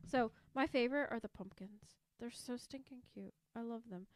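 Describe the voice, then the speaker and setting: On a podcast she co-hosts, a woman with a fairly high voice and darkish tone talks at a moderate pace about a board game. She's enthusiastic and a bit rambly in this casual chat.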